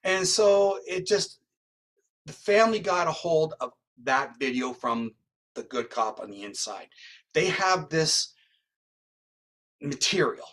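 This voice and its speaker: Man telling an animated story. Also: on the high side, slow pace, pauses often. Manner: animated retelling, tags lines with "right?". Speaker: guest, psychic medium and criminal profiler. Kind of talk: storytelling in an interview.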